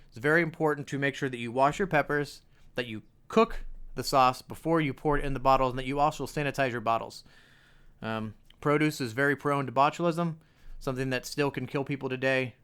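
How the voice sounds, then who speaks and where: A young adult man talks through a homemade recipe in his home kitchen. His voice is smooth and clear at a middle pitch, and his delivery is casual and chatty, with joking asides to the viewers. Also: a little fast, a bit bright. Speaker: cooking video host. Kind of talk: casual cooking demonstration.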